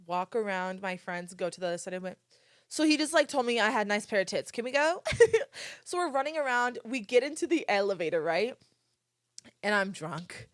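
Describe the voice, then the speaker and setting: A young woman in her twenties hosting a podcast, telling a story in casual chat, animated and swearing freely while she acts out quotes. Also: medium pitch, moderate pace, dry recording, studio quality. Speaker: podcast host.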